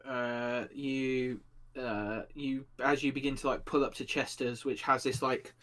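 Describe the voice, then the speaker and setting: Bright-voiced man narrating a tabletop game. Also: mid-range voice, flat delivery, measured pace. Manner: rambling, filler-heavy description. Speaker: game master.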